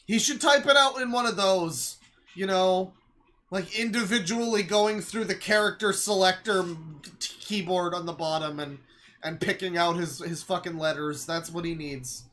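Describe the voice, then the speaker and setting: A man's voice: high-pitched, moderate pace, sharp tone. A man streaming live, reacting to videos with sarcastic, exasperated, profane rants.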